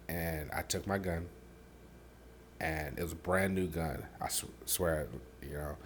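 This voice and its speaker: A man hosting a podcast, telling his own painful story candidly, halting with many fillers and dropping quiet on the hardest parts. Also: fairly even intonation, slight background noise. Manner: softens and drops low on painful parts. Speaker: podcast host.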